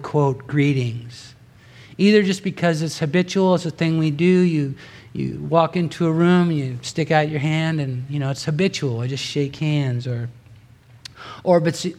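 Earnest male preacher, higher-pitched voice. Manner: earnest, rises in pitch and force for emphasis; conversational with asides and restarts. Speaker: pastor. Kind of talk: sermon.

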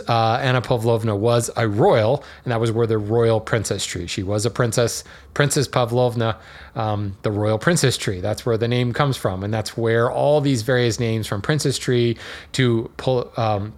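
A man hosting a podcast, talking casually and digressively with fillers and small laughs. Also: medium pitch. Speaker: podcast host. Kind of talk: casual educational monologue.

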